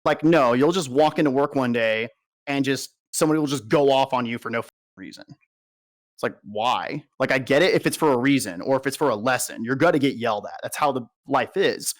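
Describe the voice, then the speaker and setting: A man's voice: mid-range voice, brisk. A young adult man, a soldier, giving a blunt and heavily profane personal account in an interview.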